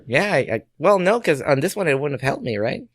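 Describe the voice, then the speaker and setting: Lively, joking male podcast co-host. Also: fairly high pitch, a little fast, no room sound, clean studio sound. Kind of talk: casual chat.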